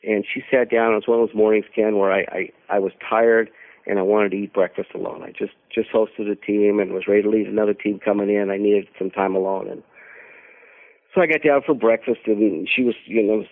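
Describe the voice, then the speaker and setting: A man telling a personal story as a guest on a radio conversation, halting and repeating words as he searches for them. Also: on the low side, fairly even intonation, vocal fry. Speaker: mission team leader, radio guest. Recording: narrow phone-like radio audio.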